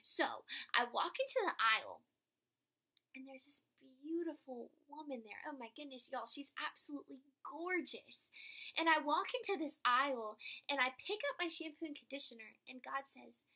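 A young woman shares a faith testimony in a high, bright voice with a lot of ring in it. She talks earnestly. She sinks into near-whispers to stress a point, then swells loud again, sounding on the edge of tears. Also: expressive, moderate pace. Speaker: speaker sharing faith testimony. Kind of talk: inspirational faith talk.

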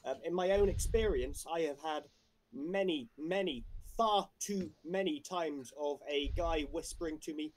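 A man on an online writers' panel, speaking in a measured, direct way and stating his opinions without hedging. His voice is a little higher than most men's.

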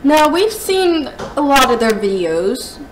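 High, lively young woman hosting. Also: slow pace, a little hiss or hum, poor audio. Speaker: reaction video host. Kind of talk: casual video intro.

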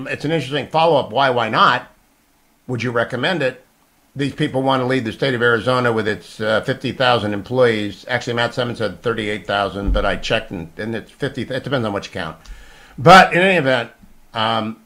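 A middle-aged man hosting a radio talk show, arguing his points emphatically and rising into loud bursts. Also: mid-range voice.

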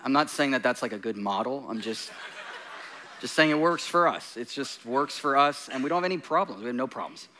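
A man's voice: medium pitch, expressive, a little fast, bright, forceful tone, a little hiss or hum. A man preaching a sermon, mixing laughing, self-deprecating jokes with intense points. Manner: laughing often while talking. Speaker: guest preacher.

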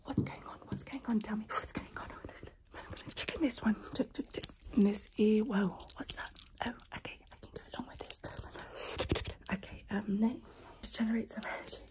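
A woman doing a chaotic whispered role-play, out of breath, repeating quick instructions close to the mic. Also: medium pitch. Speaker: ASMR creator.

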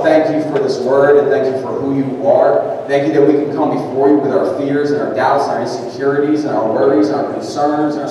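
Man, pastor, sermon, mid-pitched voice, very echoey sanctuary, faint room noise. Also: mellow. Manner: conversational preaching, reads scripture slowly. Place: large church sanctuary. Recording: echoey church hall from far off.

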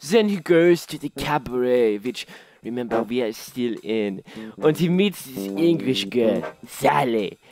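Man, casual host, sarcastic storyteller, middle pitch. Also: expressive, measured pace, hardly any pauses, a little mellow, soft background music. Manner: sarcastic, jokey retelling. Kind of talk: casual musical summary vlog.

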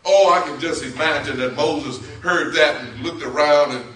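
A man preaching a storytelling sermon, who acts out the voices in his story and swings between loud and soft. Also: a little high, normal speed, distant mic. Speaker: bishop preaching. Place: church sanctuary. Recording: echoey church from off-mic.

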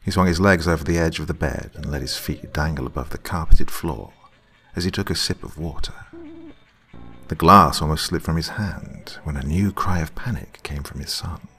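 A man narrating a scary story in a slow, brooding way. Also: rumbling low, bright, forceful tone. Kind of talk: scripted narration.

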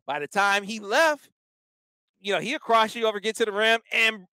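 A male podcast co-host with a slightly high, clear and crisp voice, telling his stories with lively emphasis. His talk is casual and excited, and the sound is bright and close to the mic. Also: moderate pace, no room sound. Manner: animated, emphatic storytelling. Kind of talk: casual sports podcast chat.

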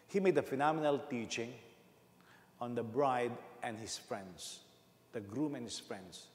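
A male pastor with a Filipino accent delivers a lively sermon, chuckling as he goes and slipping between English and Tagalog. His mid-pitched voice rings out through a large room with a long, echoing reverb. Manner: animated, laughing, switching between English and Tagalog. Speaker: senior pastor. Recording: echoey hall with long reverb.

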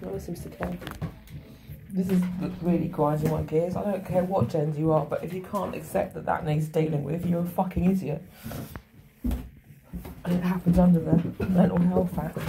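A middle-aged woman muses aloud, losing her thread and swearing now and then. Her voice is low, gravelly and mellow. The home recording carries a faint hiss. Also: fairly even intonation, normal speed. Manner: meandering, self-interrupting, sweary. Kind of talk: rambling monologue. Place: home, indoors.

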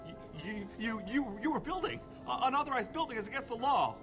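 A man's voice: very high voice, expressive, brisk, music in the background. An actor playing a jittery, nervous male townsperson in a story video game, stammering and flustered.

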